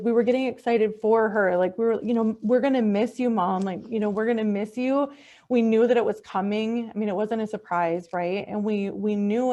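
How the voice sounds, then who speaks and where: A middle-aged woman appearing as a podcast guest shares a personal story in earnest, heartfelt conversation, often restarting her sentences. When quoting others, she acts out their words in a higher, softer voice.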